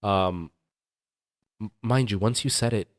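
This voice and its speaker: A man's voice: fairly low pitch, measured pace, no echo, clean studio sound. A man hosting a livestream, chatting casually and explaining audio settings to his chat. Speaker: livestream host.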